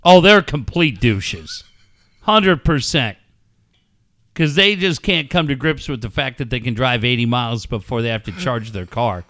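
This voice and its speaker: A man's voice: medium pitch, expressive, a little slow, fairly bright tone, no echo, clean studio sound. A middle-aged man co-hosting a casual podcast, swearing freely and riffing jokes. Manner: profane, joking, riffing. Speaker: co-host.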